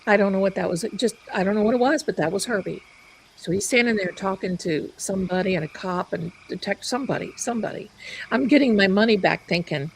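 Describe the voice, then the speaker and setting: A woman hosting a live stream, telling a story in an animated, chatty way. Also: mid-range voice, fast talker, breathy edge, rough recording. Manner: animated, chatty, loud bursts of laughter. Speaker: psychic live-stream host.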